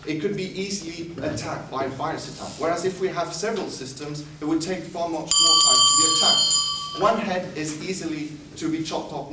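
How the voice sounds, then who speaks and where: A man delivers a formal debate speech in a somewhat high voice, slipping in dry, sarcastic jabs. He sounds distant from the mic, in a reverberant hall. A steady hum of background noise runs underneath. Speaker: debate speaker. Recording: echoey hall from far off with noise.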